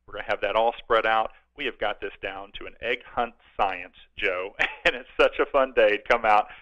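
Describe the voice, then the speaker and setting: Male radio guest, forceful tone, friendly pitch for events, dull radio audio. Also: normal speed, no room sound. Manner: upbeat promotional, friendly. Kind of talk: casual radio interview.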